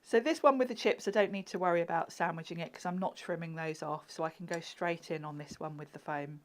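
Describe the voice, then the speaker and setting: Woman, lowish voice, chatty live craft demo, giggles and murmurs while working. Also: fast talker. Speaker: craft demonstrator.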